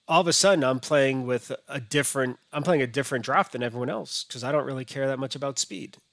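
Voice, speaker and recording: A man's voice: mid-range voice, fairly bright tone, dry recording. Hesitant man talking fantasy baseball. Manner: hesitant, many ums and restarts. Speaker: podcast guest, fantasy baseball analyst. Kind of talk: casual podcast conversation.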